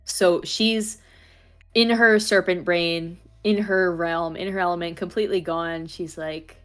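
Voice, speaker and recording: A woman's voice: fairly low pitch, steady tone, a little slow, fairly bright tone, clear, resonant tone, soft background music. A woman in casual chat, animatedly retelling a roleplay scene and swearing freely. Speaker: roleplayer interviewee.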